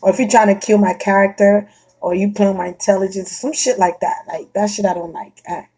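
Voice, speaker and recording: A woman chatting casually and bluntly, swearing freely, laughing often and getting animated. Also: mid-range voice, fairly quick, husky. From Florida. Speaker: vlogger chatting to a friend. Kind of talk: casual chat.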